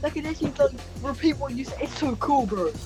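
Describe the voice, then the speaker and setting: High, lively girl pleading her case. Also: fast, soft background music. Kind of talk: casual chat.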